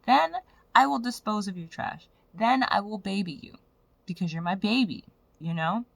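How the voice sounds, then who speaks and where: A woman's voice: medium pitch, moderate pace, gravelly, fairly bright tone, no room sound. Frank, profane young woman vlogging. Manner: frank, profane, rambling storytelling. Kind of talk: candid personal vlog rant.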